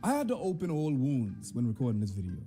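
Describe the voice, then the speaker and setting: Young Bahamian male storyteller, animated delivery, warm dark tone. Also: quick pace, soft background music. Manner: animated, swings between high and low pitch. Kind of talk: comic personal storytelling.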